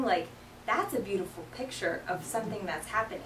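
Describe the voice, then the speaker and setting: Chatty and peppered with "like" and "um," a young woman leads a sign language class, acting out song lyrics as she explains. Her medium-pitched voice is lively, a little fast, and a bit bright. She sounds far away in the echoey classroom of students, with a little hiss or hum on the recording.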